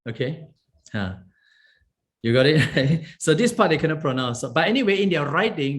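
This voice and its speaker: A man's voice: fairly high pitch, expressive, moderate pace. A man teaching a beginner Pali lesson as a monk, drilling sounds one at a time, checking in with "okay?" and chuckling as he goes. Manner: chuckles often while explaining.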